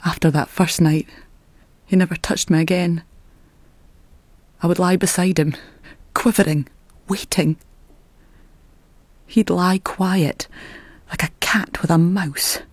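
A woman giving a reflective first-person narration in a quiet, measured, inward way. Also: fairly low pitch, fairly even intonation, dry recording.

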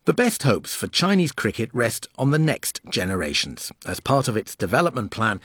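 A man reporting, with measured scripted documentary narration. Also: mid-range voice, big pitch swings, fairly bright tone, husky, dry recording, studio quality.

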